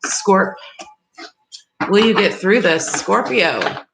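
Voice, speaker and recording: A woman's voice: mid-range voice, expressive, takes it slowly, gravelly, background noise. A woman giving live tarot readings, speaking directly and reassuringly to her viewers in a loose, rambling way. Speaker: tarot reader.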